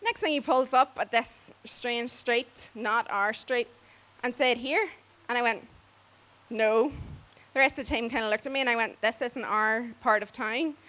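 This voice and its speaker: A woman tells a story casually and lively, often acting out other people's voices and laughing as she goes. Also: fairly high pitch, normal speed. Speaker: storyteller on a church mission trip.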